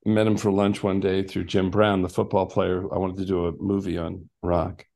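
A man's voice: deep voice, flat delivery, moderate pace, gravelly, a little mellow. An older man, a former actor and basketball coach, chatting in an interview and telling stories in a rambling way with frequent restarts and asides. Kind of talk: casual interview storytelling.

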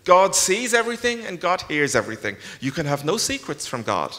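Man voicing stern elderly priest, indignant; lively intonation, long reverb. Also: a little high, brisk, voice pushed up. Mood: scolding. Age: older than 60. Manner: scolding, exasperated, indignant. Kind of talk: live reading aloud. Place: large concert hall. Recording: long concert hall reverb.

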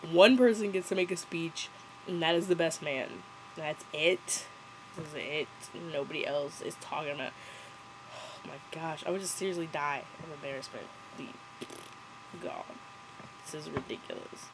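A young woman talks through a movie review in a loose, rambling way, sarcastic and quick to giggle. Her voice sits a little low for a woman. There is a faint noise underneath. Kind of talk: casual movie commentary.

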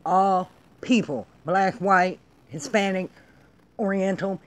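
A middle-aged woman talking straight into her vlog in a blunt, profane rant. Her voice sits at an ordinary middle pitch, and she leans hard on her points with plenty of swearing. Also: slow pace. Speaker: vlog host. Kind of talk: casual ranting monologue.

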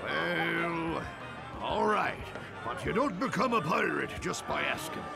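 A gruff old pirate with a high, very gravelly voice that swoops around. He blusters and shouts dismissively, as in a video game. Music and crowd chatter sound behind him. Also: animated, slow, exaggerated voice.

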